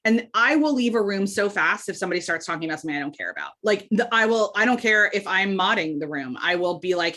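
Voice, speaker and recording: Woman guest on a podcast, lowish voice, blunt and emphatic, restarts a lot. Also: fast, few pauses, a bit bright. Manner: emphatic and candid, with frequent restarts. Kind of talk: casual interview chat.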